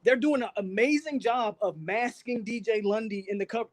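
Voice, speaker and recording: Winded guy ranting hyped on a live fan stream, high voice, slangy, repeats himself, outside in the wind. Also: normal speed, dry recording. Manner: excited, repetitive, slangy, out of breath. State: out of breath. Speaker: channel host. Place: outdoors, windy.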